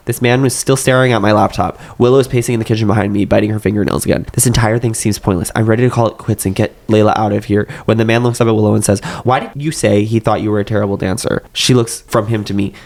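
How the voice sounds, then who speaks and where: A man's voice: fairly low pitch, darkish tone. A young man reading a novel aloud, with slight voice shifts for the characters and joking asides.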